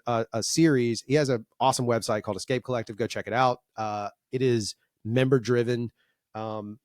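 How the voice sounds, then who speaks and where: A man hosts a podcast in a loose, bantering way, laughing easily and drifting into rambling asides. His voice sits at an ordinary middle pitch. The recording is close and dry, with no room echo. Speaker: podcast host. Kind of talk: casual joking chat.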